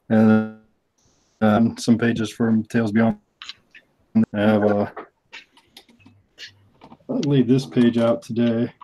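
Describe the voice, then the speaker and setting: Guest artist, male, lower voice, laptop call with faint noise. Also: flat delivery, very slow, pauses often, warm tone, low-quality recording. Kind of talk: casual call-in chat. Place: at home on a laptop video call. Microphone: laptop mic on video call.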